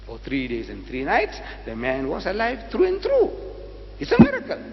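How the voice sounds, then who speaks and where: A man's voice: medium pitch, wildly swooping pitch, normal speed. An older man from South Africa preaching to an audience, dramatic and full of rhetorical questions, repeating phrases for emphasis. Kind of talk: public lecture to an audience. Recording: lo-fi hall recording with faint hum.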